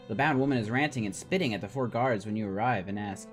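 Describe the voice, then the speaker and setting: A man's voice: mid-range voice, brisk, hardly any pauses, faint music behind. A man hosting a let's play, reading game dialogue aloud with jokey asides. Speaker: gaming video host.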